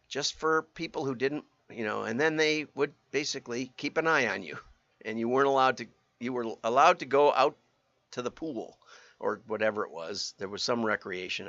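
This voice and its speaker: A man hosting a casual livestream with a gravelly, bright voice. He rambles, restarts his sentences and chuckles as he goes. The audio is dry and a little dull. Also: medium pitch, no echo. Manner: rambling, self-correcting, chuckling. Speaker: livestream host.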